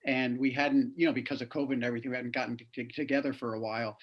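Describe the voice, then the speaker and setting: A man speaking as a guest in a casual video-call interview, relaxed and rambling with hesitations. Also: medium pitch, very fast. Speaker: guest author. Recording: muffled lo-fi call audio.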